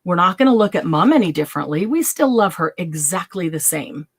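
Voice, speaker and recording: A woman with a lowish voice speaks earnestly to her viewers. She sounds encouraging and talks through her feelings aloud in the first person, as a craft channel host would in a heartfelt talk. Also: sing-song, a little fast, husky.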